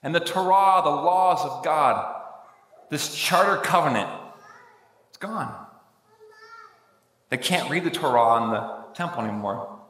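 A male pastor preaching an impassioned sermon with dramatic pauses, in a church. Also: fairly high pitch, a bit bright. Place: church sanctuary. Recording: echoey church hall with faint music.

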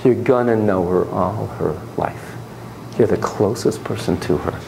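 In a classroom, a man lectures on child psychotherapy with a volunteer demonstration, alternating soft, low asides with emphatic bursts and often repeating his phrases. His delivery is animated yet unhurried, with vocal fry. The audio is poor, carrying a little hiss or hum.

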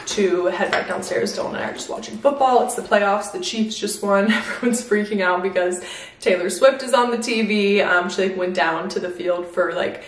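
A woman's voice: medium pitch, normal speed. A woman vlogging at home in casual chat to camera, talking loosely with lots of "like" and "um" fillers. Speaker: lifestyle vlogger. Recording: echoey room, faint noise.

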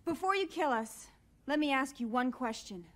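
Film comedy: an earnest questioner with a high, probing voice. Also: female voice, expressive, moderate pace, fairly bright tone.

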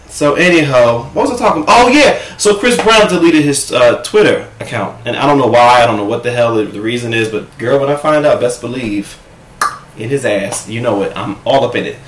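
A man vlogging a casual reaction-video rant from home, sassy, profane and animated, talking to his own camera. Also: mid-range voice, slight background noise. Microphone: camera set up in front of him. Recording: echoey room.

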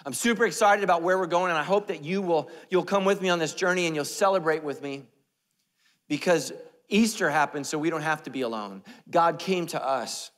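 A man preaching a sermon as pastor, animated and joking, dropping to a hush and jumping up loud. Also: on the high side, fairly quick, in a large hall. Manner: animated, joking, swings between loud and hushed. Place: church sanctuary.

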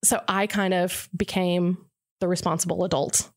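A woman's voice: on the low side, flat delivery, moderate pace. A woman in her forties, a radio co-host, telling her life story in an earnest, reflective way, with many fillers. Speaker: radio morning show co-host as interview guest. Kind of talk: candid personal interview.

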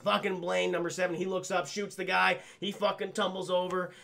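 High, gravelly young man recapping a film to chat. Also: flat delivery, a little fast, pushed and bright. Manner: rambling, profane, keeps addressing the chat. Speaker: livestream film reviewer. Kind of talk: casual spoiler recap to live chat.

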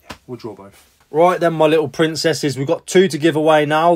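A man with a British accent chatting casually in a vlog about reselling, jokey and lively. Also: fairly high pitch, normal speed. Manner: chatty, jokey, lively bursts of sing-song. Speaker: reseller vlogger.

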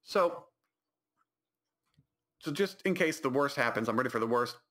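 A young man hosting a podcast, telling a comedic story in a rambling, animated way and correcting himself often. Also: mid-range voice, moderate pace. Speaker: podcast host.

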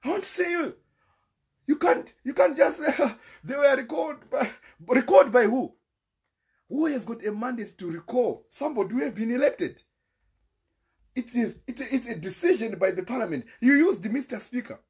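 Husky, high-pitched Zimbabwean male commentator, emphatic, repeats his points. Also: animated, moderate pace, darkish tone. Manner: emphatic and repetitive, mixing English with Shona. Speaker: political commentator. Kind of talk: impassioned political commentary.

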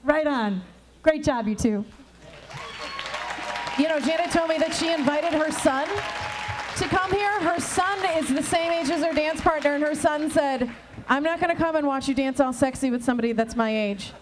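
A woman emcees a charity dance show in a bright, high voice, upbeat and enthusiastic. A crowd murmurs around her, and the hall is noisy. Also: moderate pace. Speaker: event emcee. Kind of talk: live event hosting.

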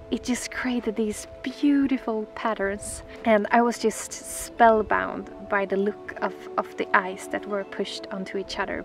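A Swedish woman vlogging outdoors on a frozen lake, speaking in a gentle, dreamy, excitable way that sometimes drops softly toward a whisper. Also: medium pitch, poor audio. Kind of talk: casual vlog talk to camera.

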